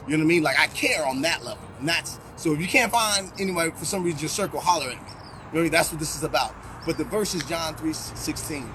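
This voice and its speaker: A man's voice: a little high, fast, sharp tone, slight background noise. Earnest man vlogging a long run. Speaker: charity runner vlogging his run. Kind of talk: casual vlog talk.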